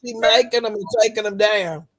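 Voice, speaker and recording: A woman hosting a casual group chat, blunt and gossipy, spelling names out slowly. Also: mid-range voice. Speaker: live-stream host reacting with friends.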